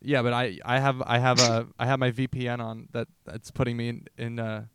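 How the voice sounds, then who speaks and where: A man's voice: medium pitch, flat delivery, fairly quick, a bit bright, slight background noise. An American man co-hosting a casual comedy podcast, joking with a friend and stumbling over his words. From United States. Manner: joking, stammering restarts. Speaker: podcast co-host.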